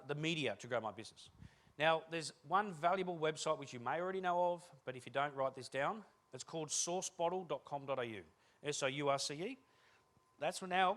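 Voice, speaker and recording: A man giving a humorous keynote talk on stage, telling energetic, joking stories to an audience. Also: a little high. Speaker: keynote speaker.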